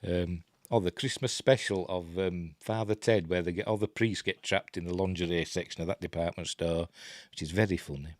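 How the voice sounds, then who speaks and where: A man's voice: low-pitched, steady tone, normal speed, dry recording. A man with a Yorkshire accent rambling casually through a live film commentary from his webcam. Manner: rambling, chatty, self-interrupting. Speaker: host.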